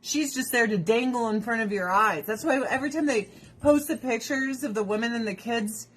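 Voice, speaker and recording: Here a woman talks a little fast in a slightly high voice. As a direct seller of skincare, she tries products on while chatting loosely, wandering off topic, laughing, cursing without restraint and holding firm opinions.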